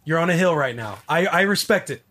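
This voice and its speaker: Brief: eager, slangy male co-host, a bit high-pitched, dry sound. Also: lively intonation, pushed and bright, no room sound. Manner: enthusiastic, drawn-out food descriptions with slang. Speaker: podcast co-host. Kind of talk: casual chat.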